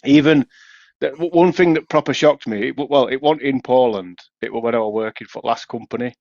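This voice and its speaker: A man's voice: mid-range voice, a little fast, creaky, a little mellow, no room sound, muffled recording. A man with a Yorkshire accent telling a long story in casual podcast chat, full of restarts, swearing and laughs. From Yorkshire, England. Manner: rambling, many restarts, swears, laughs often. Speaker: podcast co-host.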